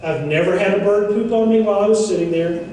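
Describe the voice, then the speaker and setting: A man's voice: sits high, quick pace, a little mellow, slight background noise. A man giving a seminar talk, chatty and joking with playful asides. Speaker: seminar speaker. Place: event room. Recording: echoey room, mic far off.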